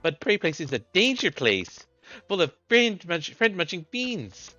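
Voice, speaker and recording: A man's voice: sits high, sing-song, a little slow, sharp tone, dull audio, soft background music, voice pushed up, full character voice. A man voicing a small, frantic female beast-tribe creature who pleads urgently in broken grammar. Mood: frantic pleading. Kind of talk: voicing game dialogue.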